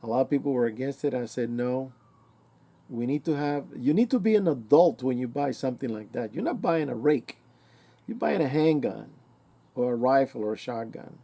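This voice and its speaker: A man's voice: medium pitch, expressive, normal speed, dark tone. Man rambling through a casual opinion talk. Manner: rambling, conversational storytelling with quoted exchanges.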